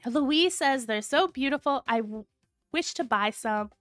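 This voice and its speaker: A woman hosting a casual livestream, sick with a cold, with a low sultry tone, gushing and reading viewer comments aloud. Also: lively intonation, normal speed, a bit bright, no room sound, studio quality, faint music behind. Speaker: livestream host.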